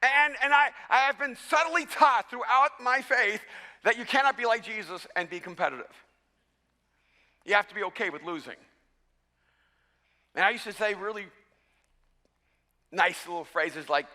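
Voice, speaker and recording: Pastor guy preaching, very high piercing voice, big hall echo, jokey storytelling. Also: moderate pace, pauses often, bright, forceful tone. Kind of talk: sermon. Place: large church auditorium. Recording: long reverb of a large hall.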